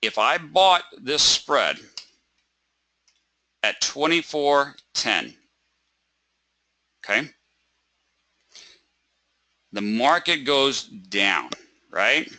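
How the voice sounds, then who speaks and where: A man's voice: medium pitch, big pitch swings, extremely slow, pauses often, sharp tone, no room sound. A man teaching a live webinar lesson. He asks rhetorical questions, checks in with "right?" and "okay?", and acts out a stressed trader by repeating words. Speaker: trading webinar instructor.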